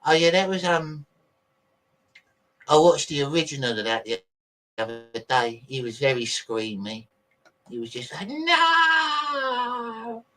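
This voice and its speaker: A man's voice: medium pitch, moderate pace, pauses often, a bit bright. A man hosting a casual livestream, rambling chattily to his viewers and swearing freely while he sorts out videos on his computer. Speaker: livestream host.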